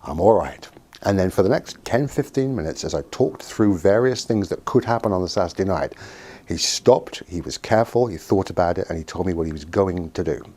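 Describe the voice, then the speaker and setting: A man with a very deep, husky voice recounts a session with a client as a hypnotherapist. His tone is dark and mellow. He tells the story briskly, voicing both himself and the client. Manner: lively storyteller, acting out both sides of a dialogue. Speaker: hypnotherapist and NLP practitioner. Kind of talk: anecdotal storytelling to camera.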